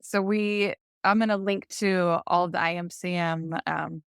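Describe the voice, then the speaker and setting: A woman hosts a casual podcast interview, responding appreciatively as she searches for her words. Her voice sits slightly low for a woman. The sound is dry and close. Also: fairly even intonation, measured pace, gravelly, clean tone, dry recording. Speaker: podcast host.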